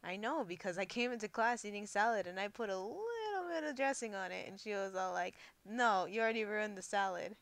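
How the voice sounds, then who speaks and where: A woman's voice: mid-range voice, animated, a little fast, hardly any pauses, no room sound. A young woman working through physics problems on a livestream as a teaching assistant, chatting and laughing between steps. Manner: playful, giggly, chatty asides. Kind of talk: casual livestream tutoring.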